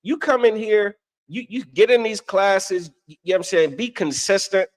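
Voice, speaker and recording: A man's voice: high voice, normal speed. A man co-hosting a casual religious discussion, teaching in a preachy way, often asking "you understand?" and laughing at his own stories. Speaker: podcast co-host and religious teacher.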